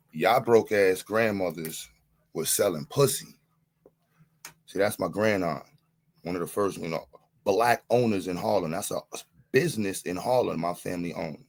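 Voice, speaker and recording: A man on a live-stream panel, boasting and taunting, leaning on the same catchphrases again and again in a heated rant. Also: low voice.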